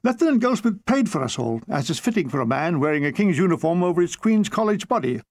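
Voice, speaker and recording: A man reading his own comic war memoir in a dry, deadpan way. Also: high-pitched, fast, dry recording.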